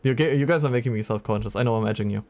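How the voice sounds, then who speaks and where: A man's voice: mid-range voice, racing, darkish tone. Chatty man streaming live. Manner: chatty, reacts to chat messages. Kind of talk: casual livestream chat.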